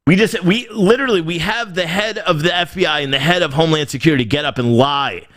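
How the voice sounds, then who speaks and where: Hosting his own livestream show, a man talks casually and rants in an irritated, exasperated way, swearing freely. He speaks quickly in a fairly high, slightly bright voice.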